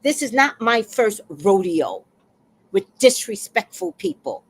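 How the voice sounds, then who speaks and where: A woman in her sixties telling a story on a casual livestream, blunt and fiery, with sudden loud outbursts. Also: a little high, very animated, measured pace, breathy edge. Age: 60s.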